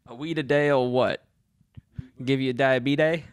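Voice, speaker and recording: A man's voice: medium pitch, fairly even intonation, a little slow, clear, resonant tone, dry recording. Man co-host, rambling and hesitant, mid-range voice, dry sound. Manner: hesitant, rambling, many restarts. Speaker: podcast co-host. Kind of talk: casual podcast chat.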